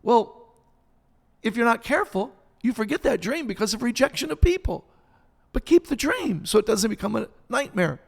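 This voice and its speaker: A man's voice: very high-pitched, expressive, moderate pace, creaky, long reverb tail. A man in his sixties, a pastor, preaching with passion on a podcast and building emphasis through repetition. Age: 60s. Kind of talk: sermon-style podcast talk.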